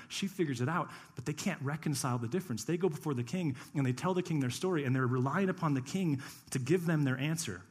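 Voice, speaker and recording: A man's voice: medium pitch, brisk. A man, a pastor, preaching a sermon in church, telling stories with playful asides to the congregation.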